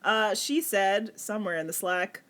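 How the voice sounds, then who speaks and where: A woman's voice: medium pitch, measured pace, fairly bright tone. A woman co-hosting a casual podcast recap, chatty with slang and frequent laughter. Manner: laughs often, uses slang. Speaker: podcast co-host.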